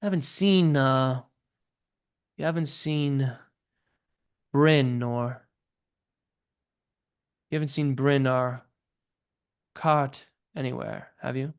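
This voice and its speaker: A man's voice: mid-range voice, steady tone, slow, pauses often, smooth. A man voicing a secretive, curt witch in a tabletop game. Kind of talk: tabletop role-play voice acting.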